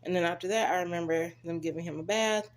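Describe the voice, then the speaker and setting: A young woman with a low-pitched voice, telling a story in a loose, chatty way. She talks straight to her viewers and acts out what other people said. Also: quick pace. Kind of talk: casual storytelling to camera.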